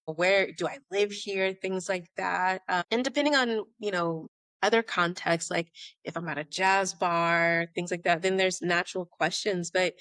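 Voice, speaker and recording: Low-ish and unhurried with no echo, this voice belongs to an Atlanta woman in her late thirties living in Spain. Appearing as a guest on a casual podcast, she tells lively stories and performs the dialogue of whoever she's quoting.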